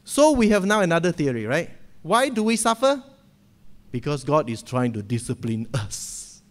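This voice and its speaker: A man preaching a sermon from a church pulpit, retelling a story in a lively way and often checking in with "okay?". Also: fairly high pitch, normal speed.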